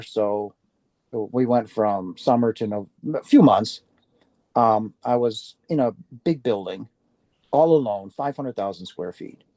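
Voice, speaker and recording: In a medium-pitched, warm and mellow voice, a man gives a personal testimony about his near-death experience to an audience. He tells it earnestly, acting out how he reacted, and the recording is close and dry with no room around it.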